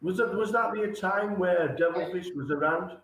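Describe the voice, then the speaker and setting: A man's voice: high voice, normal speed, fairly bright tone. A man interviewing a guest casually, reacting with short encouraging words. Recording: roomy with faint noise.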